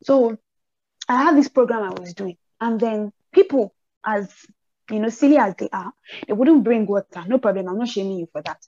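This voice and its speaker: A young Nigerian woman with a Nigerian accent chatting casually, telling animated stories and acting out the people she quotes in raised voices. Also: mid-range voice, moderate pace, highs cut off, slight background noise. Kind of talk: casual chat.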